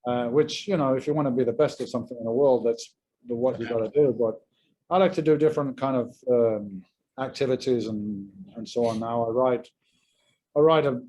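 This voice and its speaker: A man, a guest in a casual interview, talking in a relaxed, measured way with frequent fillers. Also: mid-range voice, poor audio. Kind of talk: casual video-call interview.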